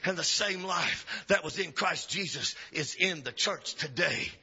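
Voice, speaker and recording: A male preacher delivering a revival sermon, chanting upward and dropping to a hush. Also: fairly high pitch, measured pace, slightly rough. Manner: chanting rises and sudden drops to a hush. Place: church sanctuary. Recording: dull lo-fi church recording.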